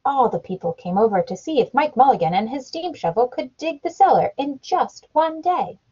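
A woman, a mother, reading a picture book aloud to her child at home, animated and playing up the sound effects. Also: sits high, moderate pace, husky. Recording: dull lo-fi home recording.

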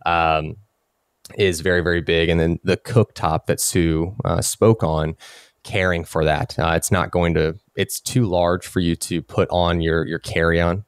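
A deep-voiced man co-hosting a casual podcast. He rambles through his points with frequent fillers and false starts. The sound is close and dry. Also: level tone, a little slow, clean tone, dry recording. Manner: rambling, many fillers and restarts. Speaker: podcast co-host.

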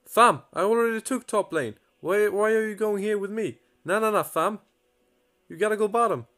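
A young man gives loud, excitable gaming commentary, swearing freely as he plays. His voice sits fairly high for a man. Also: moderate pace. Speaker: gaming YouTuber.

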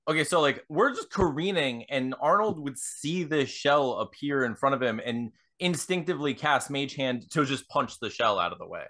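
A man's voice: medium pitch, lively intonation, normal speed, hardly any pauses, pushed and bright. A man playing a tabletop game, talking hesitantly and restarting his sentences. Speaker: player. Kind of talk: casual tabletop play.

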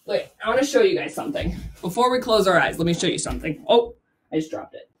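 A woman's voice: medium pitch, animated, quick pace, slight background noise. A young woman leading a children's yoga class at home, coaxing and sing-song. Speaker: kids' yoga teacher. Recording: voice a bit far from the mic.

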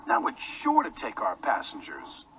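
A man's voice: mid-range voice, huge pitch swings, unhurried, recorded from a distance, low-quality recording. A man voicing a jealous, grumbling male steam engine in a children's story, in a huffy, complaining manner.

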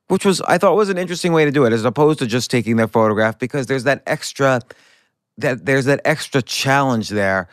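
A man's voice: medium pitch, smooth, no echo, studio quality. A middle-aged man hosting a podcast, telling a story in a rambling, self-correcting way. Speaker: podcast host. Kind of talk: casual conversational interview.

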